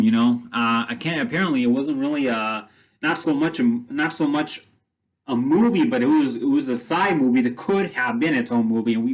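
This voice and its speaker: Guy retelling a movie story, rambly, lots of you knows and restarts, mid pitch. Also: low-quality recording. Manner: rambling, many restarts and fillers. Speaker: storyteller vlogger.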